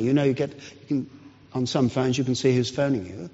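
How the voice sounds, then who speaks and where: A man preaching a sermon, telling a story with pauses and restarts. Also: mid-range voice, husky. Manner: storytelling, pauses and restarts, lively rise and fall. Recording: dull lo-fi sound in long hall reverb.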